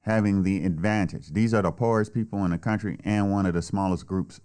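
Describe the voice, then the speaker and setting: A man's voice: deep voice, a little fast, a little mellow, clean tone. A man delivering a blunt, heated, heavily profane solo political rant. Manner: blunt, heated, swears often. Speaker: political commentator.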